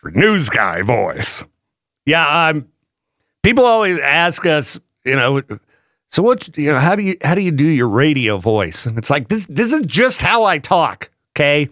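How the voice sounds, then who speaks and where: Animated joking radio host man. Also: a little high, unhurried, no echo, clean studio sound. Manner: animated, joking, laughs often. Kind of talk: casual morning radio chat. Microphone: studio microphone.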